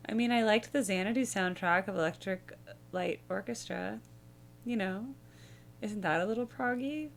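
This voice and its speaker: A woman's voice: medium pitch, normal speed, gravelly, slight background noise. A young woman hosting a music reaction video, musing casually and humming bits of melody as she rambles.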